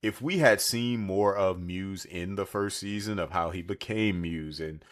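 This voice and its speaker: A man's voice: sits low, unhurried. A man co-hosting a podcast, chatting casually about a TV series and breaking into voices to act out quotes. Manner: animated, jumps into voices for quotes. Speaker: podcast co-host. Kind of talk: casual TV review chat.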